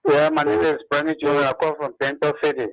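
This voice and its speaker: Thankful gravelly man caller. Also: a little high, little pitch movement, a little fast, no room sound, low-quality recording. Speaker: radio caller.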